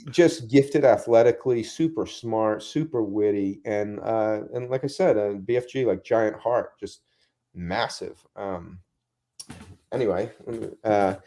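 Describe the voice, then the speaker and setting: A man, a guest in a casual interview, telling rambling, animated stories full of asides. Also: fairly low pitch, unhurried.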